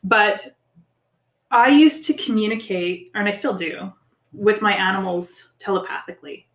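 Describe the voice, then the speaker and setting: A woman co-hosts a podcast in loose, casual chat. She is frank and upbeat and swears freely, and her voice is mid-pitched. The room around her has a roomy echo. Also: measured pace. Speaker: podcast co-host.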